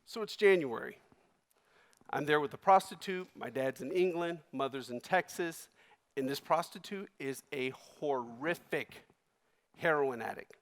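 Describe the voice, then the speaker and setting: A man giving a keynote speech, telling a personal story with emotion, his voice swinging between loud and hushed. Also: fairly high pitch, unhurried. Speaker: keynote speaker. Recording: long reverb of a large hall.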